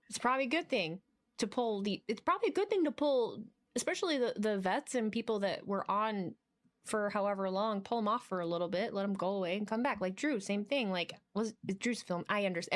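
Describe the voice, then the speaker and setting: A woman co-hosting a podcast in casual chat, playful and mocking others in put-on voices. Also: mid-range voice. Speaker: podcast co-host.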